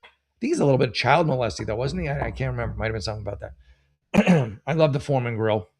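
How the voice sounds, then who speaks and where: A man hosting a casual comedic commentary show, rambling and self-mocking, with many restarts and drawn-out punchlines. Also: medium pitch, animated, a little mellow. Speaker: host.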